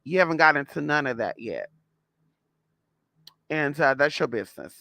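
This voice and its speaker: A man's voice: on the high side, very animated, moderate pace, creaky, sharp tone, no echo. A man telling a story to his viewers in a sassy, blunt, casual way, calling them girl and honey. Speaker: spiritual vlogger.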